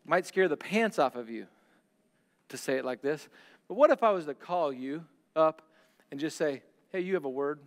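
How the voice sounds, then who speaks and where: A male pastor preaching a sermon, swinging between loud declarations and hushed, slow lines. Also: a little high, lively intonation, big-room sound.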